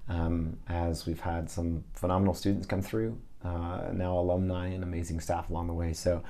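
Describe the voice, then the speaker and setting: A man with a very low, warm and mellow voice speaks as a guest in an interview. He talks earnestly, in a preacher-like way, telling stories and quoting scripture. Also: flat delivery, normal speed. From Texas. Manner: earnest, storytelling with scripture quotes. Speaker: ministry leader, guest.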